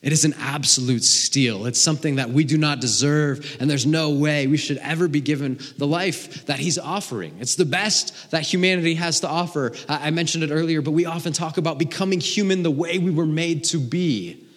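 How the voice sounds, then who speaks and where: A man in his thirties preaching a sermon, earnest, swinging between emphatic stretches and hushed ones, often repeating a word as he restarts. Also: fairly high pitch, a little fast, hardly any pauses. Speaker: pastor. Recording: long reverb of a large hall.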